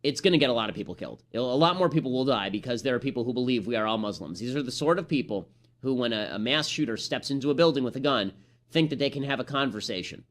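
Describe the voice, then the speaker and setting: A man runs through a political commentary monologue at a quick clip. He sounds combative and sarcastic and keeps restarting phrases as he pushes his points. His voice sits at a middle pitch. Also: expressive, a bit bright.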